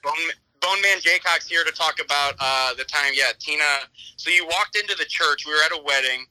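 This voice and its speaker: A man's voice: a little high, brisk, pushed and bright, dry recording, low-quality recording. A young man calling in to a podcast, telling a story in a rambling, laughing way with many restarts. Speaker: caller on a podcast. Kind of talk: casual storytelling on a call.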